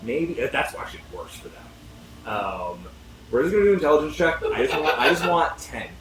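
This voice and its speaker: A man running a tabletop game, chatting casually with plenty of swearing and laughter. His pitch swings widely as he narrates. He sounds roomy and set back from the mic, with a faint hiss underneath. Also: big pitch swings, a little fast. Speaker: game master. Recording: roomy echo, distant mic, faint noise.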